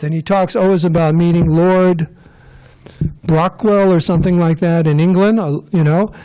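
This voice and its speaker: A man's voice: high-pitched, a little mellow. A man giving a casual scripture class, rambling and joking with digressions. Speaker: temple class speaker.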